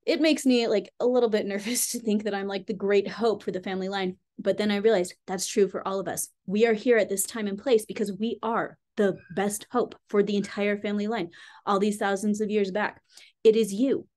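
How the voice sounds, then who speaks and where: A woman with a mid-range voice talks to camera about healing work in a relaxed, chatty vlog. Her delivery is heartfelt and a little rambling, full of "like" and "you know." She addresses the viewer directly and warmly. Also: mid-range voice, a little fast. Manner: earnest, rambling, heavy use of "like" and "you know"; heartfelt, speaking straight to viewers. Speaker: spiritual healing teacher. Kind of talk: casual spiritual vlog talk.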